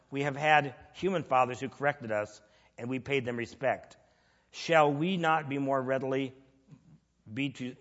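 A man's voice: mid-range voice, a bit bright. A man preaching a sermon in a conversational way, asking the audience questions and acting out grumbling prayers. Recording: long reverb, dull lo-fi sound.

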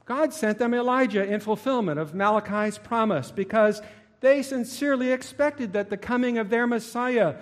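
A man preaching a sermon, swinging dramatically between hushed low tones and loud shouting. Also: moderate pace. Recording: long hall reverb.

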